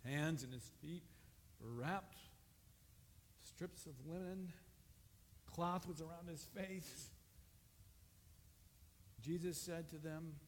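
A male pastor preaching a sermon in a conversational way, asking the congregation questions and rising to loud, emphatic passages. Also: a little high, slow pace, long pauses, a little hiss or hum. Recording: reverberant hall, faint ambience.

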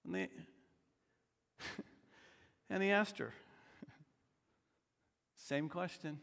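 A man preaching a sermon, slow and deliberate, sometimes dropping to near-whispers for emphasis. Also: a little high, big pitch swings, creaky, a bit bright, big-room sound. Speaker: pastor.

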